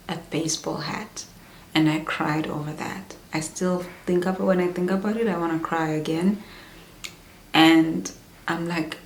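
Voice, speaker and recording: Candid woman vlogging in an echoey room. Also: on the low side. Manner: candid, chatty, drops into soft whispery asides. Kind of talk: personal pregnancy vlog. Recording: echoey room with faint hum.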